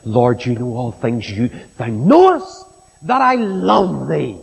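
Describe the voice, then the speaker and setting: Male preacher doing a remorseful fisherman apostle, high lively pleading lines, reverberant hall. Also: brisk, husky, exaggerated voice. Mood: earnest. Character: remorseful fisherman apostle, middle-aged man.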